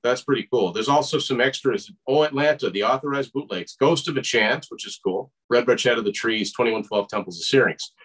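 A man's voice: mid-range voice, fairly quick, hardly any pauses, fairly bright tone, slightly rough, low-quality recording. Guy guest on a music podcast, keen, rattling off song lists. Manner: enthusiastic, listing songs. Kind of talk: casual chat about music.

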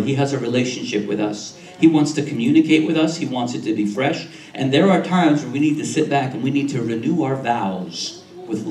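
A man's voice: mid-range voice, darkish tone. Man preaching in a roomy church. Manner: preaching with frequent "Amen?" checks and repetition. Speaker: pastor. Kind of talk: sermon. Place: church sanctuary. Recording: roomy, distant church recording.

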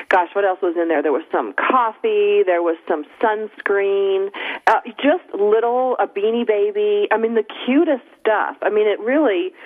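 A middle-aged woman hosting a radio talk show, chatting casually and acting out quotes as she tells stories. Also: mid-range voice. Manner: chatty storyteller, acts out quotes. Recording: tinny phone-line radio audio.

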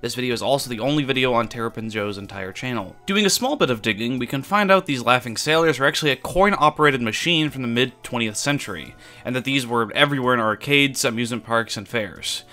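A man narrates a scripted video with a clean, crisp voice. His delivery is wry and offhand, with casual asides and the occasional swear word played for laughs. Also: mid-range voice, quick pace, pushed and bright. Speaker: YouTube iceberg explainer.

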